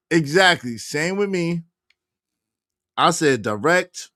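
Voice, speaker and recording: A man's voice: on the high side, lively intonation, very slow, bright, forceful tone, dry recording, studio quality. A man hosting a casual livestream, reading viewer comments aloud and calling out guests and viewers by name. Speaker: show host.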